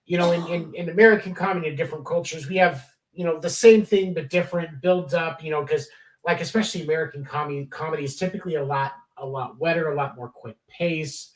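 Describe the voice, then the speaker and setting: A man in a relaxed podcast conversation, circling his points with frequent restarts and eager asides. His fairly high voice sits back from the mic in a noticeably echoey room. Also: fast talker, distant mic. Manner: rambling, many restarts, enthusiastic about comedy. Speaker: podcast co-host. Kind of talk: casual chat.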